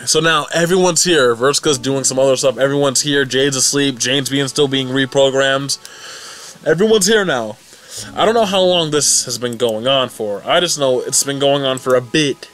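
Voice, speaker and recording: A young man casually recapping and reacting to a webcomic update, rambling and excitable with many restarts. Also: medium pitch. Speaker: fan recap vlogger.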